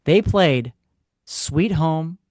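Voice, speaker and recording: A man tells a story on a podcast. His voice sits a little high and swings up sharply when he gets worked up. The recording is dry and close, and he talks with sarcastic, ranting asides. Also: animated, very slow, darkish tone, no room sound. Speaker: podcast co-host. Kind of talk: casual chat.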